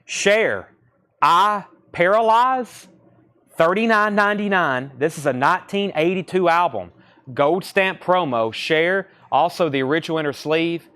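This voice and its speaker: A man with a Southern accent hosting a live record sale, listing titles and repeating prices in quick sales patter. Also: a little high, animated, a bit bright. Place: record shop surrounded by crates.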